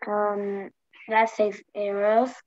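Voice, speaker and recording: A woman's voice: mid-range voice, completely flat delivery, extremely slow, a little mellow, dull audio. A woman in an online English lesson, hesitantly practicing simple phrases as a learner. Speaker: English student.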